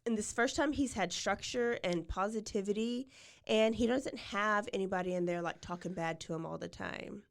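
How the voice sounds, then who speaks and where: A woman's voice: medium pitch, normal speed, vocal fry. A woman hosting a podcast, casually retelling a true-crime case and saying "like" often. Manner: chatty, fills with "like" often. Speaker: podcast host.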